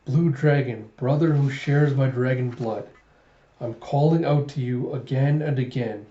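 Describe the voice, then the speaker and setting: A man's voice: mid-range voice, warm tone, roomy sound, lo-fi sound, natural voice. Gija, a man voicing an earnest young dragon warrior. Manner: fervent, frets aloud.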